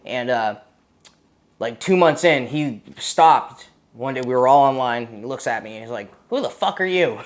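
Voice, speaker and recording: A man's voice: medium pitch, moderate pace. A man in his thirties with a Massachusetts accent, a Marine veteran telling stories in a casual, profane, rambling way. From Massachusetts, USA. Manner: profane, rambling, laid-back, frequent "man" and "you know". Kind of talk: casual storytelling interview.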